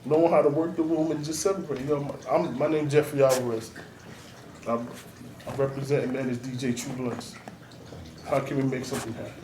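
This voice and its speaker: A man's voice: mid-range voice, little pitch movement, a little fast. Blunt streetwise man, roomy sound. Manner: blunt, streetwise, profane, emphatic. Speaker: artist and DJ manager, guest. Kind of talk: casual interview talk. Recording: roomy, noisy, mic at a distance.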